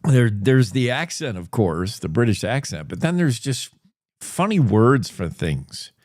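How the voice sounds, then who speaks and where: A man hosting a talk show, talking in a casual, rambling way and often starting sentences over. He speaks slowly and takes his time. The sound is dry and close, with almost no room echo. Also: mid-range voice, sing-song, darkish tone. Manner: rambling, chatty, thinks aloud with restarts. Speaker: show host. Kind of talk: casual news chat.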